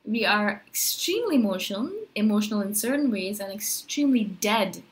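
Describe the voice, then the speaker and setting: A woman vlogger talking casually to camera, rambling and animated, full of "like" and self-questions. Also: medium pitch, a little fast. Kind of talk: casual talking-head monologue.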